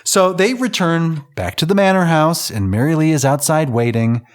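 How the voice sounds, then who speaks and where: On a podcast, a male co-host with a slightly high voice and moderate pace casually recaps an old film. His manner is loose and profane, full of jokes and swearing, and he acts out the characters' lines as quotes.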